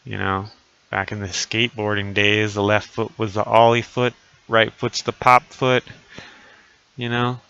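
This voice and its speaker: A profane, wisecracking man streams live in costume, riffing with his audience between jokes. His voice is bright and crisp, recorded close and dry with no room sound. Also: lowish voice, level tone, a little slow, dry recording, dull audio. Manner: crude, profane, joking banter. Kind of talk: casual live-stream chat. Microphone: desk mic, voice muffled little by a costume mask.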